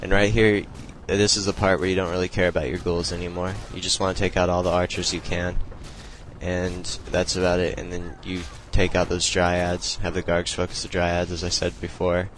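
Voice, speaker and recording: Low flat-voiced man explaining a game replay. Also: moderate pace, slight background noise, low-quality recording. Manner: loose, rambling, filler-heavy explaining. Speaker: replay commentator. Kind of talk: casual strategy game commentary.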